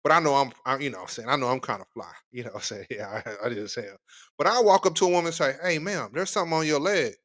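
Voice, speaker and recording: Bright-voiced laid-back male commentator. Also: mid-range voice, animated, rapid-fire. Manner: laid-back, slangy, joking asides. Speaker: reaction video host. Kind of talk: casual commentary.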